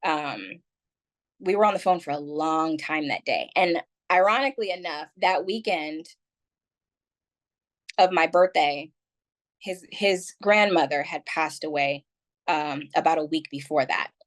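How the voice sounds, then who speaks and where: A woman's voice: low voice, unhurried. A woman guest on a podcast, telling a personal story in candid, rambling conversation full of "like" and "um".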